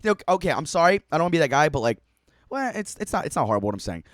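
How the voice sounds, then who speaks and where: A man's voice: fairly high pitch, sing-song, racing, no room sound, studio quality. A man streaming a reaction to a video, giving profane, mocking running commentary and laughing often.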